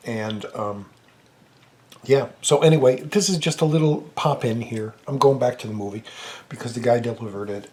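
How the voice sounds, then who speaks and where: A man in a mid-pitched voice rambles through a casual home vlog. He corrects himself often and sometimes talks while eating. A faint noise sits behind him. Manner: rambling, chatty, self-correcting. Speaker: movie review vlogger.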